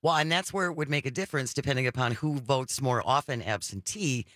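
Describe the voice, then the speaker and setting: A man's voice: mid-range voice, a little fast, pushed and bright, no room sound, clean studio sound. A man co-hosting a political talk radio show, asking earnest questions in casual chat and restarting his sentences often. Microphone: studio microphone.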